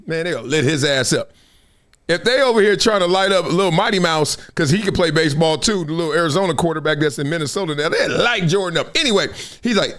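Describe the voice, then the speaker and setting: The host of this live sports talk show talks at a quick pace in a fairly high voice. He spins animated stories, voices the people he quotes, and laughs often between his remarks.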